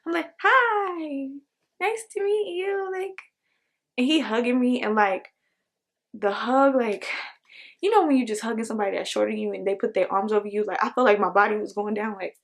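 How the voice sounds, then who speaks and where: A young woman from Oklahoma telling a storytime vlog, animated and acting out the voices. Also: medium pitch. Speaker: vlogger.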